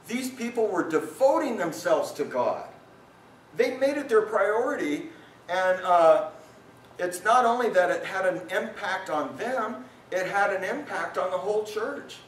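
A male pastor preaching a lively sermon at a men's retreat, his voice climbing when he acts out the crowd. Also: measured pace, slight background noise. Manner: animated, voice rises high when acting out listeners. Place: conference hall at a retreat. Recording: roomy hall sound, mic from a distance.

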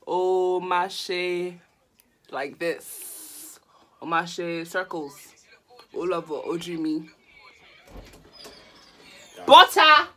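A woman's voice: fairly low pitch, bright, forceful tone. A young woman, laughing often as she talks through a makeup tutorial in a casual vlog. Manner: giggly, mixes Yoruba and English. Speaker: vlogger.

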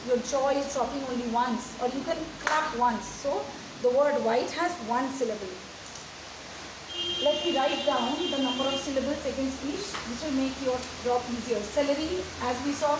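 A woman teacher giving a slow, deliberate lesson to young pupils, asking them many questions. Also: high voice. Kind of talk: recorded classroom lesson. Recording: echoey room, distant mic, faint hiss.

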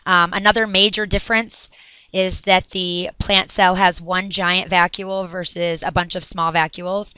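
Woman teacher recording a lesson, upbeat and chatty, with a smooth, crisp voice. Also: lowish voice, flat delivery, moderate pace, pushed and bright, no echo.

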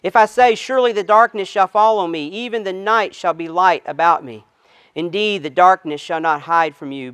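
A pastor preaching outdoors to a congregation in their cars, reading scripture and then stressing key phrases slowly and with repetition. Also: male voice, sits high, a bit bright, clear, resonant tone, dry recording. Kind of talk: sermon. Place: outdoor drive-in service to people in cars.

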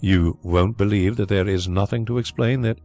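A man reading as a wry, calm gentleman detective. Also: on the low side, moderate pace, faint music behind, lightly acted. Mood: reflective.

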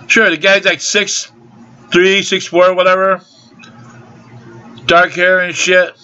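Ranting older man, bright lo-fi sound. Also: sits high, level tone, takes it slowly, smooth. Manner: profane, rambling, aggrieved. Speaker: vlogger. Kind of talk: angry ranting monologue. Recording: dull lo-fi home video sound.

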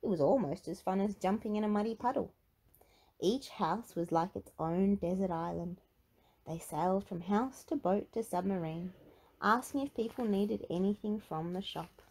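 A woman reading a children's picture book aloud in an expressive, sing-song storytelling manner. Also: medium pitch, moderate pace, husky. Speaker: storybook reader.

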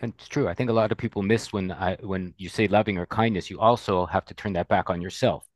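A man's voice: low-pitched, steady tone, fast, no echo. A man hosting a podcast conversation, agreeable and musing. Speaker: podcast host.

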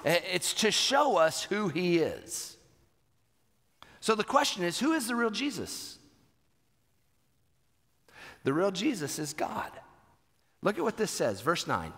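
A middle-aged man preaching a sermon as pastor, animated and repeating words for emphasis. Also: high voice, slow, long pauses. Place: church sanctuary. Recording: long hall reverb.

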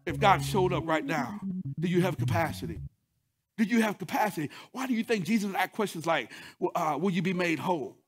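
A male pastor preaching a sermon, repeating phrases, breaking into sung lines and shouts, talking straight to the congregation. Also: high-pitched, fairly quick. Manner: repeats words, call-and-response asides.

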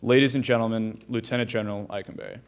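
A young man acting as student host, reading a formal, deliberate introduction of a guest speaker. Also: fairly low pitch, steady tone.

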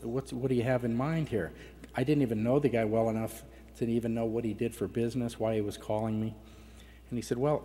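In a large conference hall with long reverb, a middle-aged man delivers an emotional personal testimony, his voice occasionally breaking. His voice is mid-range with a dark tone.

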